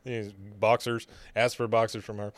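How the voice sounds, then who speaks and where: A man's voice: on the low side, little pitch movement, moderate pace, no room sound, clean studio sound. A man co-hosting a podcast, casually recapping an episode and laughing often as he retells scenes. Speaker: podcast co-host.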